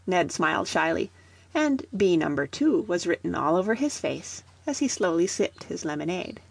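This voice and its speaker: A woman reading a children's storybook aloud in a gentle, even storytelling manner. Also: on the low side, normal speed, creaky, slightly rough. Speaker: audiobook reader.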